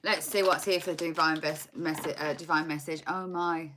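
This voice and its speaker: A woman in her forties does a casual live tarot reading from her home desk, speaking into a laptop or phone mic. Her voice is low and steady at normal speed, and she's chatty, scattered, laughing, and self-mocking. There's background noise.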